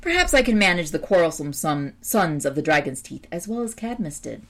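A woman's voice: low-pitched, big pitch swings, brisk, fairly bright tone, slight background noise, exaggerated voice. A woman voicing a brave, earnest young prince in a storybook reading.

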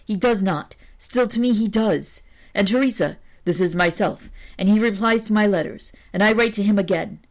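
A woman's voice: medium pitch, moderate pace, lightly acted. A woman reading the part of a lonely poor woman who insists in an offended, pleading way. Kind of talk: audiobook reading.

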